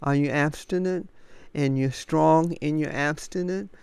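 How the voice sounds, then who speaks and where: A man giving an earnest, emphatic recorded devotional sermon, pausing often with ums. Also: on the high side, vocal fry, a little mellow, smooth, no room sound. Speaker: Christian teacher.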